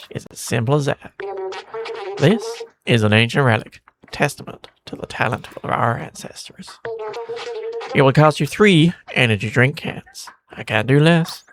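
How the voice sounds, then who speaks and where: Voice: medium pitch, close to an everyday voice. Streamer putting on a cowboy robot merchant. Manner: put-on cowboy drawl.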